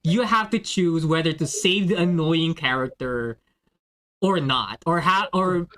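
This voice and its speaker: A man's voice: a little high, measured pace, fairly bright tone. A man, host and dungeon master, chatting casually with friends and telling a game story, often restarting sentences. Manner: rambling, restarting sentences, many fillers. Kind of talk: casual chat among friends.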